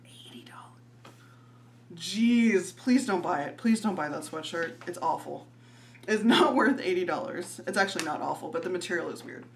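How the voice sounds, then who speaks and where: A woman, chatting casually and giggling as she talks viewers through clothing prices in a fashion vlog. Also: mid-range voice. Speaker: fashion vlogger. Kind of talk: casual try-on haul chat.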